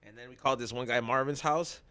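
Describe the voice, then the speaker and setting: A man on a casual podcast telling a long, animated story, full of slang and laughter. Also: medium pitch, fast, clean tone.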